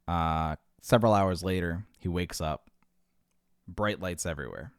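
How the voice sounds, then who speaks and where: Low-voiced man rambling through a joke. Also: measured pace, smooth, dry recording, clean studio sound. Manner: rambling, full of "like" and restarts, acts out characters' lines. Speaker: joke teller. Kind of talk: casual storytelling of jokes.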